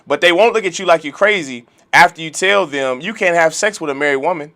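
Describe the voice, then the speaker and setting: Bright-voiced man preaching emphatically. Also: a little high, a little fast. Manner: emphatic, rhetorical questions, repeats himself. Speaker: religious class teacher. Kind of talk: lecture-style sermon.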